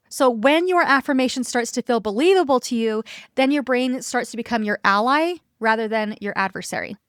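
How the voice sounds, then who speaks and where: A woman's voice: on the high side, fairly bright tone, dry recording, clean studio sound. A woman in her thirties hosting a self-help podcast, coaching listeners in an encouraging way and regularly checking in with them. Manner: guides listeners through reflection.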